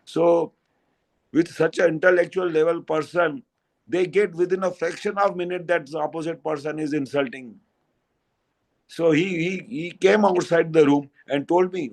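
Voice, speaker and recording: An older man with a Gujarati accent giving a spiritual satsang talk, telling anecdotes in a halting way with fillers and restarts. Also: fairly high pitch, fairly even intonation, rough recording. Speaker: spiritual speaker.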